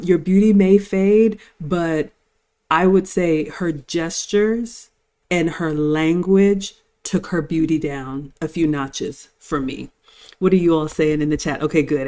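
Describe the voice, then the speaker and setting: A woman's voice: lowish voice, dark tone. An older woman hosting a live-stream reaction, commenting and giving advice to viewers in a lecturing tone. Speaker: host.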